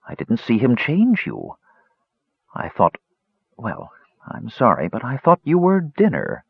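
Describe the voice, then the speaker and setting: A man's voice: medium pitch, huge pitch swings, measured pace, vocal fry, breathy edge, no echo, dull audio, exaggerated voice. A man voicing a confused, sleepy young male squirrel who talks in a plaintive, drowsy way.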